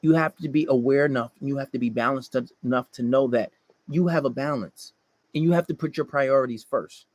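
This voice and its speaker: A man's voice: mid-range voice, brisk, darkish tone, no echo. A man delivering a blunt, profane dating-advice monologue to male listeners, often mocking the people he quotes.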